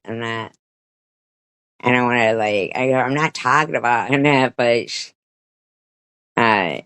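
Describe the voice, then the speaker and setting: A woman's voice: extremely low pitch, creaky, fairly bright tone, no echo. A woman streamer giving a rambling, profane commentary rant, with many restarts and quoted voices.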